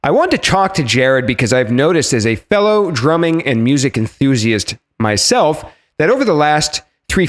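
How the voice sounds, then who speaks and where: A man hosting a podcast, introducing his guest and asking questions in a chatty, casual way. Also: mid-range voice. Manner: lively, chatty, with fillers and restarts. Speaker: podcast host.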